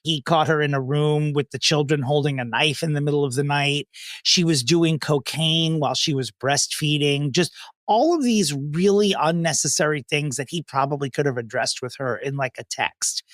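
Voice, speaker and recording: Young male podcast co-host, slightly high voice, dry close mic, wry and profane. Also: moderate pace, a bit bright, no room sound. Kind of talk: casual comedic chat.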